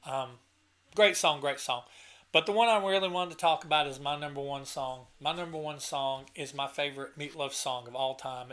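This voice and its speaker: Bright-voiced man, earnest and emotional. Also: on the high side. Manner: emotional, choked up at moments, rambling with restarts; enthusiastic and earnest. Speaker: channel host reviewing an album. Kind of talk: casual talk to camera.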